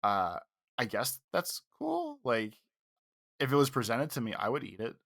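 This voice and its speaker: Wry rambling dude on a reaction podcast, mid voice, dry sound. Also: male voice, medium pitch, huge pitch swings, measured pace, gravelly, a bit bright, no echo. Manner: rambling, wry, acts out quotes. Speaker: podcast co-host. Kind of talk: casual reaction chat.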